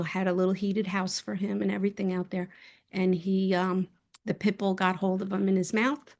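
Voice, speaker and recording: Speaking over a video call as a guest, a woman shares a personal story in a warm, casual manner. Her mid-range voice rambles along with many fillers and restarts.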